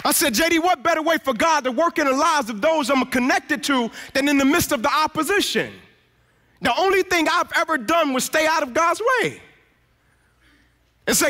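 High, bright-voiced man preaching a story. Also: lively intonation, moderate pace. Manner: emphatic storyteller, acts out quoted dialogue. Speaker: guest speaker. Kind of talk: motivational sermon storytelling. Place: church.

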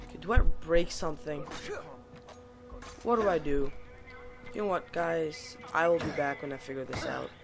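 A woman's voice: deep voice, normal speed, creaky, pauses often. A young woman giving let's-play commentary to her viewers, exasperated and self-mocking, on a home mic that cuts out. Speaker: gaming channel host. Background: game music.

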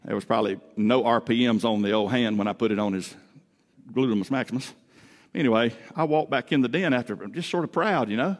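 A male pastor preaching a Father's Day sermon, telling homey stories with humor and swinging between loud emphatic rises and quiet drops. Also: medium pitch, brisk. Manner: folksy storytelling with humor. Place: church sanctuary. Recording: echoey church hall.

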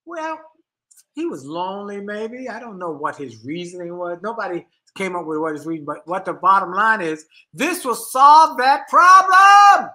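A middle-aged man co-hosting a relationship talk show, speaking in an animated, emphatic way and often repeating words as he thinks. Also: high voice, moderate pace. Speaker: co-host.

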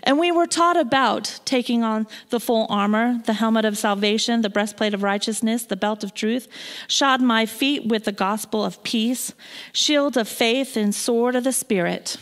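High-voiced woman preaching a sermon. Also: normal speed. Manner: animated, swings from loud proclaiming to hushed asides. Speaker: guest preacher. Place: church sanctuary.

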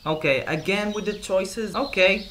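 A man's voice: high-pitched, unhurried, noisy background. A man doing casual let's-play commentary, goofy and laughing as he talks back to the game. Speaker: gaming YouTuber. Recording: voice over loud game music.

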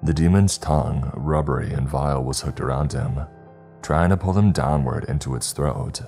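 Man doing a protective male demon hunter, grizzled, hushed and urgent, very deep voice, horror story reading. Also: normal speed, faint music behind.

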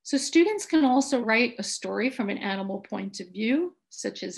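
A woman who teaches high school, giving a steady, methodical account of her classroom activities on a panel. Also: normal speed, creaky, hardly any pauses, slightly rough. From United States.

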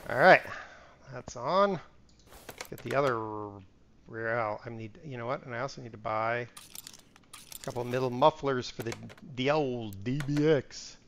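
A mid-range, fairly bright male voice comes at a normal speed with long pauses in between. He's a streamer chatting casually with viewers while gaming live, rambling, talking to himself and muttering part numbers. Slight background noise can be heard.

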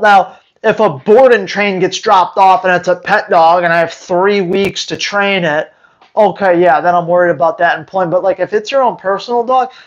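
The audio is dull as a high-voiced dog trainer takes viewer questions on his live stream. He's blunt and forceful, saying things again and again to make them stick.

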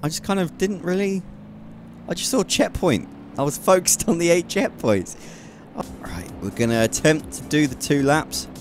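A young man commentating his driving game, muttering to himself and then yelling and shrieking loudly at near misses. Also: fairly high pitch, lively intonation, normal speed, slight background noise. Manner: swings from quiet muttering to shrieking yells. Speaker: gaming YouTuber. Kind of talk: excitable gameplay commentary.

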